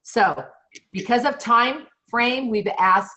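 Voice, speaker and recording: A woman's voice: fairly high pitch, slow pace, bright, forceful tone, poor audio. A woman hosting a webinar, casually introducing a guest and stopping now and then to hesitate. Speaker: host.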